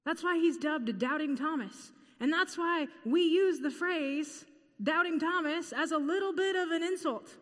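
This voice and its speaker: A woman preaching a sermon in an earnest, measured way, repeating key phrases. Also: very high-pitched, fairly bright tone, long reverb tail.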